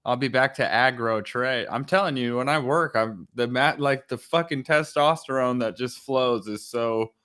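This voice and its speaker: A young man hosting a podcast, telling stories in a rambling, profane, animated way. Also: medium pitch, normal speed, hardly any pauses, clear, resonant tone. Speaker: podcast host. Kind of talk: casual chat.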